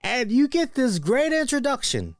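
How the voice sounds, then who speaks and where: A man's voice: very high-pitched, moderate pace, no echo. A man hosting a wrestling review show, talking casually and animatedly, joking and tagging his points with "right?". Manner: animated and joking, often tags lines with "right?".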